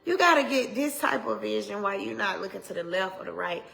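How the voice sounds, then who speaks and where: A woman's voice: mid-range voice, quick pace, vocal fry. Impassioned Atlanta woman preaching. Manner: impassioned, swings from hushed to shouting; Southern vernacular, repeats phrases. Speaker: minister. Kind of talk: preaching talk.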